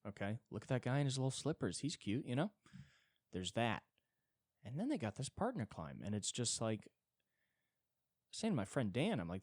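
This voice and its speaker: Profane, animated man riffing solo. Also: brisk, dry recording, clean studio sound. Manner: crude, profane, self-deprecating storytelling; animated, jumps between high and low tones. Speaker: solo podcast host. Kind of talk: rambling comedic monologue. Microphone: podcast mic.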